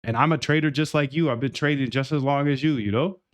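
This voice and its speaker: Excitable swearing young man streaming trades. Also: medium pitch, fast. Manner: excitable, swears a lot, calls listeners bro and dude. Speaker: trading streamer. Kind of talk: casual livestream rant.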